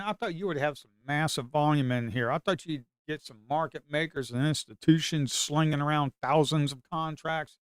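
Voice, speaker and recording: A man giving casual, rambling commentary on his trading screen, excitable and slangy. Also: a little high, smooth, no echo, studio quality. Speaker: futures trader and video host.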